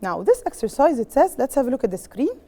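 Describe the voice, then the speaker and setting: A woman's voice: high voice, very animated, quick pace, mellow. A woman with an Egyptian accent teaching an English revision lesson, explaining each point in English and then in Arabic and quizzing her pupils as she goes. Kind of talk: bilingual exam revision lesson.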